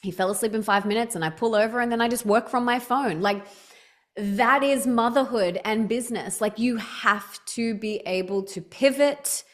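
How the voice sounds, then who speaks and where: A woman in her thirties, a podcast guest telling stories in casual chat, with many restarts and fillers. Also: on the high side. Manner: chatty storytelling, quick restarts, lots of "like".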